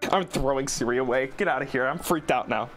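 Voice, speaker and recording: A man's voice: mid-range voice, a little fast, a bit bright, soft background music. Swearing, rambling male game streamer. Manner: rambling, swearing, jokey outbursts. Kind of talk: casual gameplay commentary.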